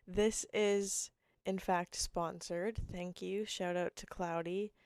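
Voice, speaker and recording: Hoarse, rambling woman. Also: on the low side, fairly even intonation, slow pace, a little mellow, dry recording. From Canada. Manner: rambling, jumpy, self-interrupting. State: hoarse, voice cutting in and out. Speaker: podcast host. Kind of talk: casual solo chat.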